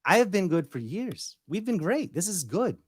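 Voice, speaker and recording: A man's voice: high voice, sing-song, moderate pace, slightly rough, dry recording, studio quality, heavily acted. A man playing a defensive, hot-tempered husband in an improv scene, sarcastic and blustery.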